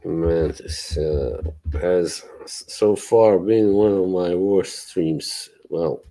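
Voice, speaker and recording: Speaking very slowly in a low, dark voice, a livestream host chats casually and rambles, swearing and laughing. He greets the people in his chat and answers them.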